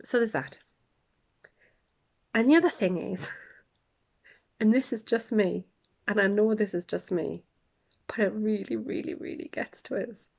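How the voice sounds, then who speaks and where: A woman hosting a casual podcast, chatting with laughter and dropping into quiet asides. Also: medium pitch, measured pace, vocal fry, long pauses. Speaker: podcast host. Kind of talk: casual chat.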